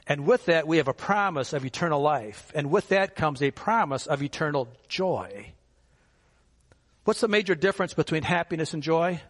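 With lively intonation and a slightly bright tone, a male pastor delivers a friendly, conversational sermon full of rhetorical questions for his congregation, speaking at a normal speed. His voice sits a bit above the typical male range, and a long church reverb follows his words.

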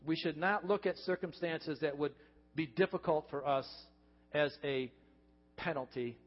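A pastor preaching a heartfelt sermon, earnest and repetitive, building to emphatic points. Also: male voice, a little high, measured pace. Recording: dull reverberant church recording.

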